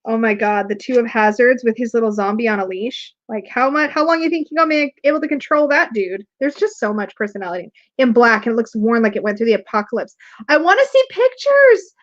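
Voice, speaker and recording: A woman hosting a casual tarot live stream, chatting in an excitable, gushing, playful way. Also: fairly high pitch, fast, hardly any pauses. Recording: dull lo-fi stream audio.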